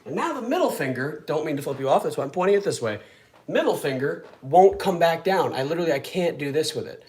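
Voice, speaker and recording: A man's voice: fairly high pitch, lively intonation, quick pace. A young man chatting casually while cooking one-handed at home, rambling and poking fun at himself. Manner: rambling, self-deprecating, chatty. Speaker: home cook vlogger. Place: home kitchen. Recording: echoey kitchen with loud background noise.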